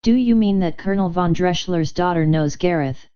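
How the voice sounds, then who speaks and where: A woman doing a stern, gruff old colonel. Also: fairly low pitch, moderate pace, warm tone, muffled recording, lightly acted. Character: stern, gruff older male army colonel.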